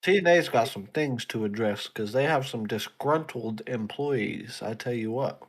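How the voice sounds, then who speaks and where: A man's voice: medium pitch, unhurried, slightly rough. A man co-hosting a casual wrestling podcast, chatting in an offhand, joking way. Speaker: podcast co-host.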